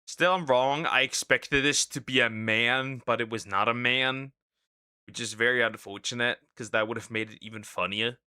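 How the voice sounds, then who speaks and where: A man's voice: mid-range voice, normal speed, sharp tone, clear, resonant tone, dry recording, clean studio sound. A man streaming as a vtuber, reacting to online drama with casual, mocking commentary. He keeps tagging his sentences with "right?". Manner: sarcastic, mocking asides; repeats "right?" as a tag.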